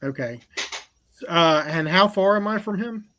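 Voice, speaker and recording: A man's voice: sits high, lively intonation, measured pace, background noise. A man playing a tabletop game, hesitantly asking practical questions. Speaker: player.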